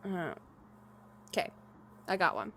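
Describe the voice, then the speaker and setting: A woman's voice: lowish voice, big pitch swings, slow pace, sharp tone, slight background noise. A woman co-hosting a casual podcast chat, laughing easily as she reads out short spooky stories. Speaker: podcast co-host.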